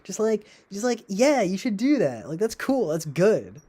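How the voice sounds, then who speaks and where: A man putting on a mocking, gushing voice of an approving fan, higher than his own. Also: very animated, a little slow, mellow, husky, heavily acted. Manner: sarcastic mimicry, raised voice.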